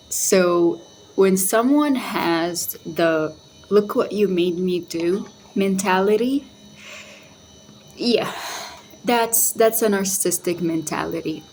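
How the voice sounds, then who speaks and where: Woman, phone-camera vlog, slow and deliberate delivery, casual talking-head style. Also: on the low side, slight background noise. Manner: unhurried and thoughtful, with sassy quoted voices. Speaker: vlogger on narcissism and recovery.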